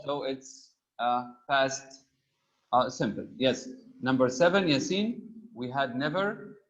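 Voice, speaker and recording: A man's voice: mid-range voice, takes it slowly, highs cut off. A man teaching a grammar lesson over an online call, patiently quizzing students and repeating their answers back to them. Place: remote video call.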